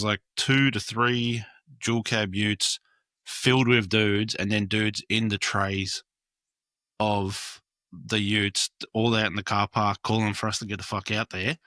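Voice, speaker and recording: A young Australian man spins a long story in a loose, rambling way, full of "like" and "um" and casual swearing. His voice is low-pitched and bright, and the sound is dry and close. He talks at an easy podcast pace. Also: fairly even intonation, a little slow, no room sound. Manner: rambling, lots of fillers and swearing. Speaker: podcast guest, graffiti artist.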